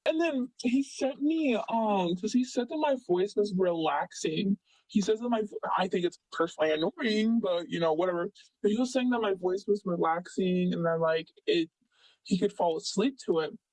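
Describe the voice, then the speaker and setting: A young man telling a story casually as an interviewee, rambling with many fillers and animated retellings. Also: high voice, moderate pace, dry recording, rough recording.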